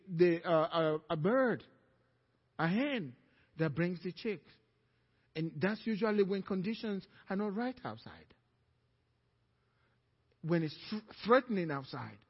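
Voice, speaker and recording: A male pastor preaching a sermon, swinging from loud fervent peaks to low, quiet storytelling. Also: breathy edge, big-room sound, highs cut off.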